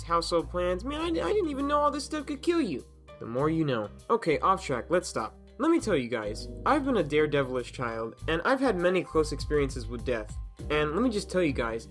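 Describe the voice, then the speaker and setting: A young man from Tennessee narrating an animated storytime with jokes and self-deprecating asides. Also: on the high side.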